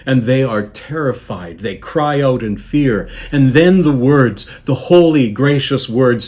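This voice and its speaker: A man, a bishop, preaching a sermon in a measured, reflective way, pausing often and letting phrases trail off softly. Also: mid-range voice.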